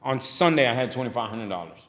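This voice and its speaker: Animated man telling his story. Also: medium pitch, quick pace. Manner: animated, preachy storyteller who acts out dialogue. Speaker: barbershop owner and guest. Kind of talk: casual storytelling interview.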